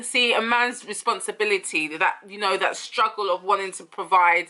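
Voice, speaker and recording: Woman, casual commentary, opinionated, chatty, fillers, bright tense tone. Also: medium pitch, fairly even intonation, moderate pace, few pauses. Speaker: reality TV reviewer.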